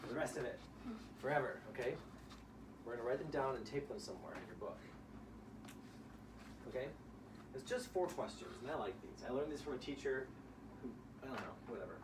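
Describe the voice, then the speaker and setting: A young man teaching a child violin in a relaxed, casual way, explaining ideas and singing short examples. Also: mid-range voice, a little fast, long pauses. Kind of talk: casual one-on-one music lesson. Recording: distant room mic with noise.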